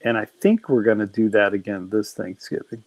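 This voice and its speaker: A man's voice: lowish voice, moderate pace, no room sound, low-quality recording. A man, co-hosting a livestream in playful, folksy banter. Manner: playful teasing, folksy drawl. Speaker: livestream co-host. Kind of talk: casual livestream chat.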